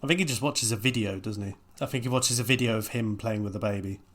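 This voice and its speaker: A man's voice: fairly low pitch, quick pace, fairly bright tone. A man, co-hosting a casual film chat with dry, wry asides. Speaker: podcast co-host.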